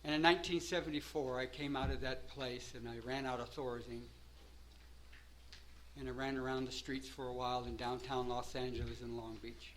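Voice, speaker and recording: An older Southern California man shares his personal recovery story at a meeting, rambling early on before becoming animated and laughing. His mid-range voice moves at a moderate pace, and the poor audio carries slight background noise.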